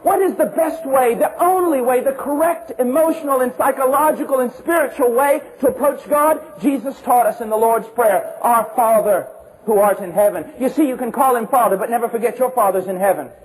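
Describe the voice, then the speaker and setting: A man preaching a sermon with passion, using rhetorical questions and repetition, and swinging from shouts to hushed low tones. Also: a little fast, slight background noise, low-quality recording.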